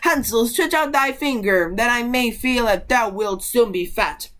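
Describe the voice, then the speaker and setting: A woman's voice: high-pitched, sing-song, unhurried, voice pushed up, heavily acted. Woman putting on a wicked old witch. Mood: harsh. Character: wicked old female witch, cunning and cruel.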